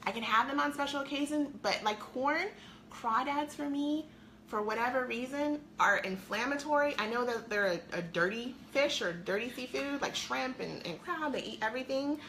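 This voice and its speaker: Middle-aged woman coach chatting live from home, bright highish voice, upbeat and talky, faint hiss behind. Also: normal speed. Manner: chatty, upbeat, talks straight to viewers. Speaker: weight-loss coach selling a program. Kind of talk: live-streamed chat to viewers.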